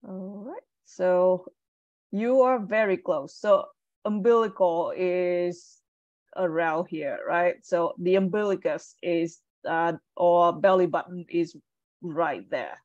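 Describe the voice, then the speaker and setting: A woman's voice: on the low side, steady tone, slow pace, a little mellow, no echo. Patient woman teaching an online class. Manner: encouraging, corrects pronunciation patiently. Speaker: medical English teacher. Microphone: video call. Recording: muffled dry video call audio.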